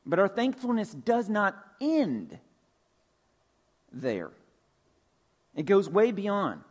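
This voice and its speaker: A man's voice: high-pitched, very animated, slow, darkish tone. A male pastor preaching a sermon in a church, in a conversational way with frequent casual fillers. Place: church sanctuary.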